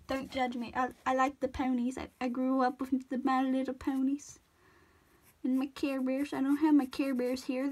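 Tired high-voiced young woman, cartoony. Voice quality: cartoony put-on voice. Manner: rambling, self-deprecating, stammering restarts. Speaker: drawing tutorial vlogger. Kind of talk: casual drawing commentary.

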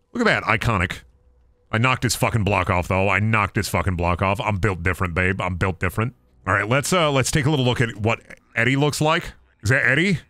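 A man streaming a video game, chatting casually and reacting loudly, joking and swearing as he plays. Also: fairly low pitch, no room sound. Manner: excitable, swearing, joking to himself. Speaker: gaming streamer. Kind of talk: casual gameplay commentary.

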